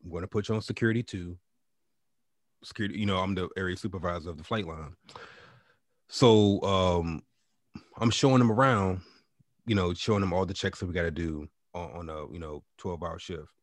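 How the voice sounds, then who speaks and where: A man with a very low voice talks in a laid-back way, stretching out his words and filling pauses with ums. The sound is close and dry. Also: no room sound. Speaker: podcast co-host. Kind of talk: casual storytelling chat.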